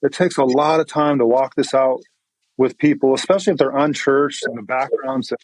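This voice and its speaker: A man's voice: mid-range voice, a little fast, no echo, poor audio. A man, a pastor, tells an emotional story in a podcast interview with an earnest manner and many restarts.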